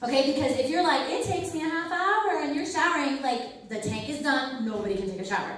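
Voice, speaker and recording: A woman with a high voice tells stories with a lot of life, acting out the people in them and laughing along the way. The sound comes from well off the mic in a heavily echoing hall. There is a faint hiss behind her. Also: fairly quick. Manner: animated, acts out quoted people, laughs often. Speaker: speaker at a campus ministry talk. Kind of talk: lively storytelling talk. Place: hall at a university ministry center. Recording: very echoey hall, mic far off.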